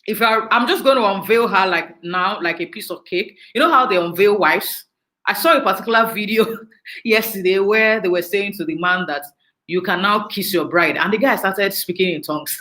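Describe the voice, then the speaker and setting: Woman host, bright, lively, quick to laugh, chatty interview opener. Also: mid-range voice, rough recording. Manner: chatty, laughs often, playful asides. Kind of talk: live online interview hosting.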